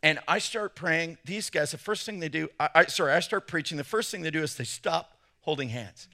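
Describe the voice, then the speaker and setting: Animated, bright-voiced male preacher. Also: fairly high pitch, brisk, gravelly. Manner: animated storytelling, acting out quotes with sudden loud jumps. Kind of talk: sermon with personal anecdotes.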